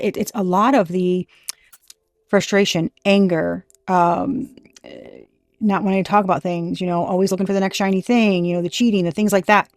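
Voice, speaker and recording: A woman's voice: fairly low pitch, darkish tone, no echo. A woman giving a casual tarot reading, talking frankly and emphatically and swearing now and then. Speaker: tarot reader.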